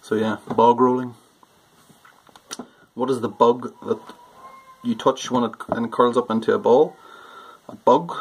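A man with a Northern Irish accent chatting casually through an accent challenge on his vlog, self-deprecating and loud on stressed words. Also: mid-range voice, breathy edge, rough recording. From Northern Ireland. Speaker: homebrewing YouTuber.

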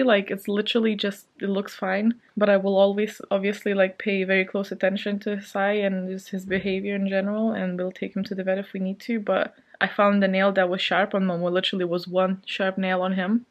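A woman talks casually to her vlog camera from her bed at home, still shaken and anxious. She rambles, circles back with plenty of fillers, and lets out small nervous laughs. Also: medium pitch. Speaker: book vlogger.

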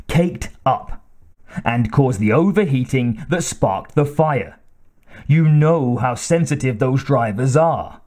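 A man's voice: on the high side, a little mellow. A man voicing a weary, blunt male ship engineer who reports damage in a tired, matter-of-fact way.

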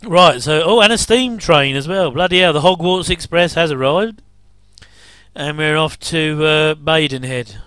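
A man's voice: fairly high pitch, measured pace, pushed and bright, clear, resonant tone, no echo. A man giving a casual, rambling commentary over an old TV episode, with frequent chuckling asides.

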